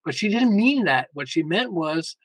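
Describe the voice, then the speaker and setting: Guest male, high voice, emphatic and lively, tells stories, dry close sound. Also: normal speed, breathy edge, no room sound, poor audio. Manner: emphatic, lively storyteller with frequent restarts. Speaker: guest author. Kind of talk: casual interview talk.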